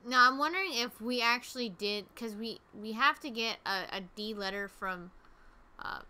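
Excitable woman streamer, casual game commentary, bright tone. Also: a little high, normal speed, clean tone. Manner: chatty, excitable, talks to viewers.

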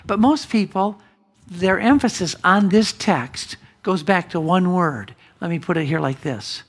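Male pastor, emphatic sermon delivery, swings from loud to hushed, church sanctuary. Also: high-pitched, unhurried. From United States.

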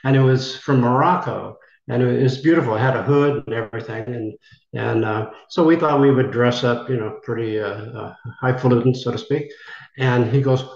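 Being interviewed, this older US actor wanders through an anecdote, slipping into the voices of people he quotes. He talks at normal speed in a creaky, darkish, mid-range voice. The audio has a roomy, dull lo-fi quality.

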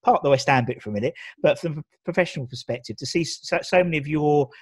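A man's voice: a little high, quick pace, husky, no echo. A man interviewing a guest, asking questions and giving frequent short agreements.

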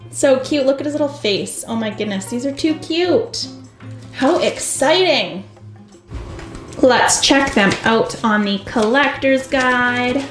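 A woman hosting a toy unboxing video, gushing with excitement and talking straight to her viewers. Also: high-pitched, slow. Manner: gushing, excitable, talks to viewers as "you guys". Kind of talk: casual unboxing commentary. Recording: echoey room with faint music.

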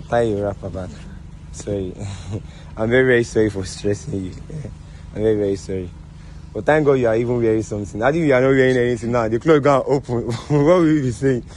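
Outdoors, a Nigerian-accented man runs a prank video, his medium-pitched, slightly mellow voice moving a little fast. It's casual banter: he keeps laughing and soothingly repeats his apologies. The recording is rough, with a bit of hiss or hum.

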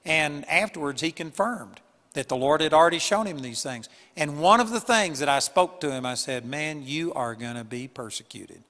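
A man preaching a sermon in an earnest, emphatic way, with sudden loud bursts on key points. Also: on the high side, animated, normal speed, in a large hall. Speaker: pastor. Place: church hall with a live audience.

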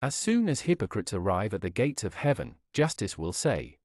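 Male sermon reader, solemn and dramatic, wide-ranging pitch, dry close sound. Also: big pitch swings, normal speed, hardly any pauses, darkish tone, dry recording. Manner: solemn, declamatory, rises and falls dramatically. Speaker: preacher. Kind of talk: reading a sermon aloud.

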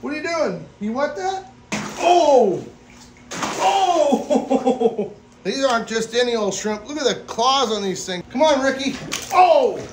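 Excitable man laughing in an echoey room. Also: very high voice, brisk, a little hiss or hum. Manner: excitable, bursts of laughter and loud exclamations. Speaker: exotic pet store host feeding animals. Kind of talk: casual vlog commentary.

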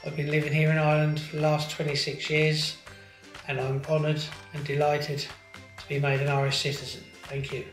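Flat-toned man in an echoey room. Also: a little high, normal speed, soft background music. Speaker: new citizen. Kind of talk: recorded video message.

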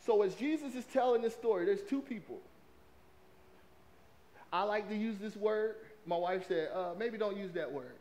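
A man from the South, preaching a lively, conversational sermon to his congregation. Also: high voice, moderate pace, pauses often. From American South. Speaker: pastor.

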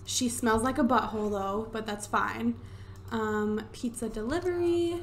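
Young woman, let's play commentary, chatty, excitable, swears casually, slightly high voice, home desktop mic. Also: a little slow, slight background noise. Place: home room. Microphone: desktop USB microphone.

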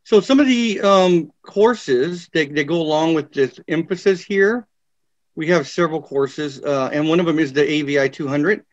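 A man presenting courses in a webinar, reading descriptions with frequent fillers and pauses. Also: on the high side, no room sound. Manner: halting, many fillers, reads course descriptions. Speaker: university program presenter. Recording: dull, dry lo-fi webinar audio.

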